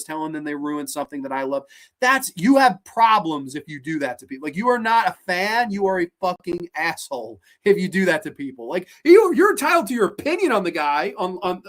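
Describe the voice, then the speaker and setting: Profane, animated streamer in late twenties. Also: medium pitch. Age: late 20s. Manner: animated, swears a lot, frequent restarts. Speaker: live stream host. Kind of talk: casual live stream chat, reacting to viewer comments.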